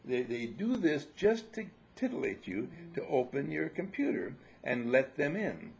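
A man's voice: medium pitch, a little slow, gravelly, dull audio, slight background noise. An older man leading a group in a casual spiritual talk, playful and teasing as he lectures. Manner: lively, joking, playful lecturing.

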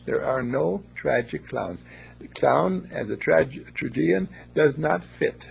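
Raspy man, playful and rambling, lively pitch, lo-fi recording. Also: takes it slowly. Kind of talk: casual storytelling talk.

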